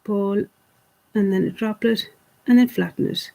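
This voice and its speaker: A woman's voice: medium pitch, normal speed. Chatty woman teaching kids clay. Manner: chatty, encouraging, talks to the camera as if to kids; fond of cute words like "little". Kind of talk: online craft lesson for children.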